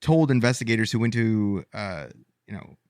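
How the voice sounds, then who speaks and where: A man's voice: on the low side, lively intonation, moderate pace, darkish tone, no echo, clean studio sound. A man hosting a casual podcast, talking through a case with many fillers and stumbles. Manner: rambling, stumbles over names, many fillers. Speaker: podcast host presenting the case. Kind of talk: casual chat.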